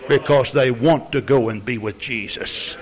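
A man's voice: medium pitch, measured pace. A man preaching a sermon as pastor, talking plainly with the congregation and building to fervent outbursts. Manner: conversational preaching that builds to loud, fervent exclamations. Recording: dull lo-fi recording.

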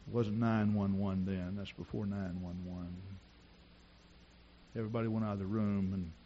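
A man preaching a sermon in a church, telling personal stories and rising to shouts at the climax. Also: on the low side, steady tone, moderate pace, lo-fi sound, slight background noise. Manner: storytelling preacher who builds to shouting.

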